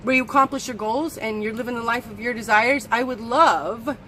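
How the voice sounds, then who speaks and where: A woman well-being coach telling a parable in a casual, animated way, acting out the people she quotes. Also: fairly high pitch, brisk, slight background noise, poor audio. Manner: animated, acts out quoted voices. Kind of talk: casual storytelling monologue.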